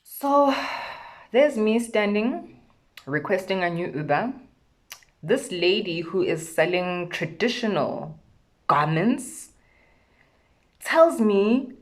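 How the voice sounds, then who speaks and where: A young South African woman with a South African accent, telling a casual storytime vlog with sassy, animated retellings of conversations. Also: mid-range voice, slow pace, long pauses. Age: young adult. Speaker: vlogger.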